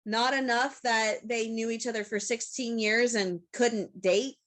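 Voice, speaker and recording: A woman in a casual podcast chat, talking in an unhurried, halting way and laughing often. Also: a little high, steady tone, fairly bright tone. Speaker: podcast co-host or guest.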